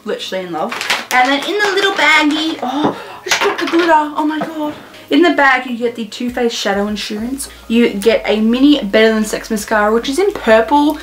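A woman's voice: high voice, a little fast, noisy background. Gushing teen girl vlogger. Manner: gushing, excitable, says "literally" constantly. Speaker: beauty vlogger. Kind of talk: casual haul vlog.

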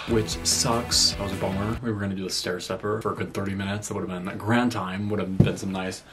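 A man's voice: low voice, little pitch movement, a little fast. A young man chatting casually to his camera at home, rambling with self-mocking asides while he packs. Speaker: vlogger. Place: at home indoors while packing. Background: background music.

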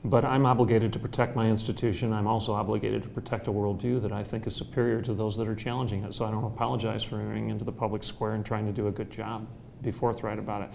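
A man speaking as a university president on a conference panel, forthright and preacherly, building to loud, emphatic rhetoric. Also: on the low side, little pitch movement, fast, creaky, few pauses, slight background noise. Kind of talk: panel discussion answer. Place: conference hall.

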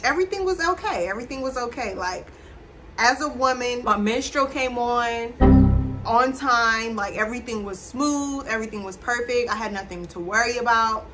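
A young adult woman telling a personal story to camera in a casual, animated vlog chat. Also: fairly high pitch, moderate pace, music in the background. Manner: chatty, animated, addresses viewers. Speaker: vlogger.

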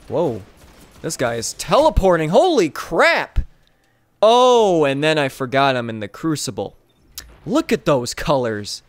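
A young man giving casual gameplay commentary, swinging between mumbled asides and excited yelps. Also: medium pitch, dry recording. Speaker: gaming YouTuber.

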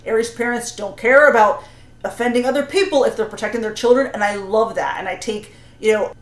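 A woman's voice: a little high, fairly quick. A woman giving parenting advice to camera, explaining earnestly with many "you know"s and "right?"s. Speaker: parenting coach and astrologer. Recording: roomy echo.

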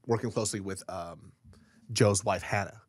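A man's voice: on the low side, fairly even intonation, normal speed, dry recording, clean studio sound. A man hosting a podcast in casual chat, profane and jokey. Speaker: podcast host.

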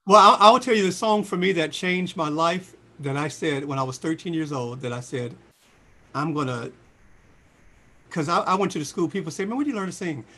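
A man in his sixties, a singer, telling lively stories in a casual interview and jumping into high voices for quotes. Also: moderate pace. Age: 60s. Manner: animated storyteller, jumps into high voices for quotes. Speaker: singer and guest.

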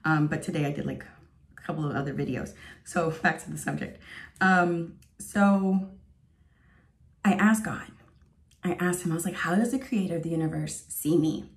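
A woman's voice: low-pitched, normal speed, pauses often. A woman in her thirties giving an earnest, emotional spoken testimony as a vlogger, rambling with lots of fillers. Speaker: faith vlogger.

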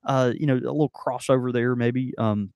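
A podcast co-host in Mississippi chats casually about tasting, rambling with many fillers and restarts. He speaks briskly and steadily in a mid-range voice with a darkish, clean tone. There's no echo, just clean studio sound.

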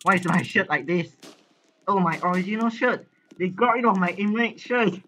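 A man hosting a live game commentary, excitable and often shouting as he plays. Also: high voice, normal speed, slight background noise, rough recording. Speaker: gaming channel host.

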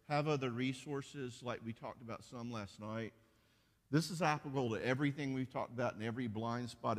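A man gives a folksy, animated conference sermon, now and then slipping into quick impressions of spouses. His voice sits at an everyday middle pitch. It rings with a long reverb from a church auditorium. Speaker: pastor leading a marriage conference.

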